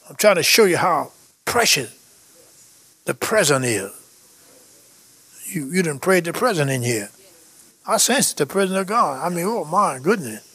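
A man's voice: fairly high pitch, very animated, measured pace, long pauses, sharp tone, husky, no echo. A man preaching a charismatic sermon, fervent and exhorting, repeating phrases and breaking into tongues and chuckles.

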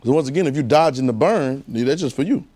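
Speaking fast in a mid-range voice, this preacher keeps his conversational sermon lively and repetitive, throwing one rhetorical question after another at the congregation.

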